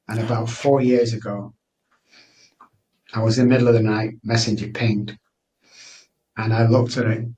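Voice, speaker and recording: A man's voice: mid-range voice, a little mellow, slight background noise. Middle-aged guy telling his story, earnest, kinda far from the mic. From Manchester, England. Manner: earnest, candid, frequent restarts. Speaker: guest. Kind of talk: personal storytelling interview.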